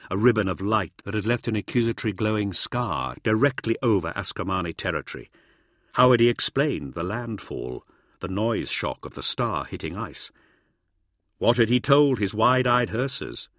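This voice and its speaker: A man giving scripted audiobook narration, expressive and measured. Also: deep voice, no echo, studio quality.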